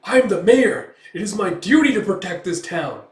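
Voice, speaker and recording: Man doing a cowardly pleading mayor, high and frantic; roomy distant mic. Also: fairly quick, lightly acted. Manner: shrill, frantic begging. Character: panicked pleading male town mayor.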